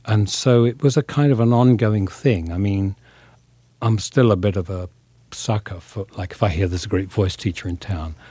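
A man from England speaks in a very low, husky voice, thoughtful and measured as he searches for his words. He is an actor giving an interview, recorded close and dry. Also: dark tone, dry recording. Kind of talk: reflective interview talk.

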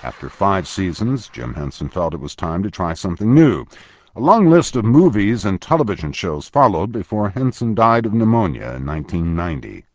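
A male news reporter giving a scripted narration of a feature, measured and a little wry. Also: sits low, big pitch swings, dry recording, lo-fi sound.

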